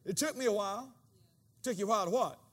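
A man preaching a sermon as pastor, swinging between quiet asides and loud, animated bursts, and acting out quoted dialogue in changed voices. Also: high-pitched, very fast.

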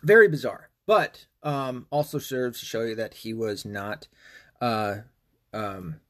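Man, podcast host, casual monologue, swearing, rambling, mid-pitched voice. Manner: ranting, profane, rambling.

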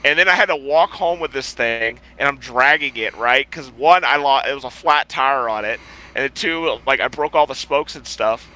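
Chatting casually on a podcast he co-hosts, a grown man past college age spins animated stories, impersonating the people involved and frequently swearing and laughing. His medium-pitched voice is pushed and bright at a moderate pace, captured on a rough recording.

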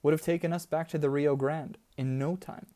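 Man voicing a steady, practical woman guide. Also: on the high side, fairly quick, lightly acted. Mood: animated. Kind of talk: audiobook character voice.

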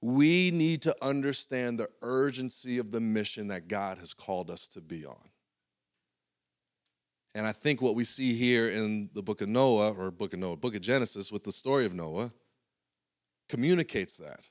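A man's voice: lowish voice, moderate pace, dry recording. Earnest young male pastor, dry sound. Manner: conversational storytelling with animated quoted voices; soft, earnest prayer voice. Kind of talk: sermon.

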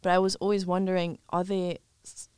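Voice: medium pitch, level tone, fairly quick, darkish tone, smooth, no echo. A speaker from Zimbabwe with a Zimbabwean English accent, in casual chat, wondering aloud about ideas in a chatty, musing way.

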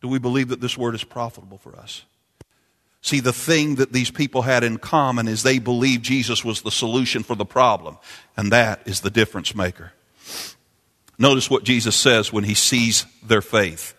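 A man preaching a sermon, impassioned and repetitive, climbing into sung, chanting peaks before dropping low. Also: steady tone, normal speed, sharp tone. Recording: long hall reverb.

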